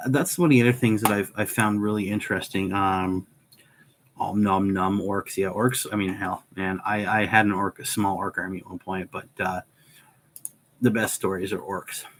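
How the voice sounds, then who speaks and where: A man's voice: lowish voice, steady tone, normal speed, slight background noise, poor audio. A man hosting a casual livestream, thinking aloud with restarts and reading out game stats. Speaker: livestream host.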